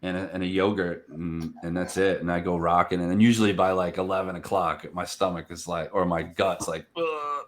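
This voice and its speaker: A man with a fairly low voice hosts a casual interview. He tells stories with lots of energy and acts out the voices of the people in them. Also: brisk, few pauses. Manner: animated storyteller, acts out quoted speech. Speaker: podcast host.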